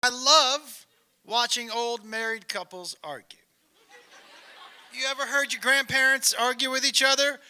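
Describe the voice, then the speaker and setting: A man doing stand-up storytelling on stage, animated and profane, laughing through his punchlines. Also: very high voice, measured pace, some chatter behind, slight background noise. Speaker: stand-up comedian.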